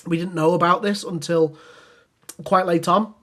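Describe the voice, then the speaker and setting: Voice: mid-range voice, fairly even intonation, moderate pace, fairly bright tone. A podcast co-host chatting casually and enthusiastically, with many ums and restarts. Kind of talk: casual chat.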